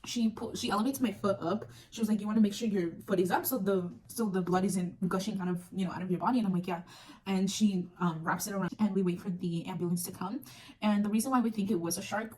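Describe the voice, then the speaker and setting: A woman's voice: medium pitch, darkish tone. Chatty young woman telling a story. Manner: chatty, filler-heavy, acts out moments. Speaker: vlogger. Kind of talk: casual storytime chat. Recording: distant mic with faint noise.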